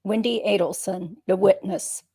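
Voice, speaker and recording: Woman reading a guarded witness, short clipped answers, mellow tone. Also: medium pitch, fairly even intonation, unhurried, slightly rough, no room sound.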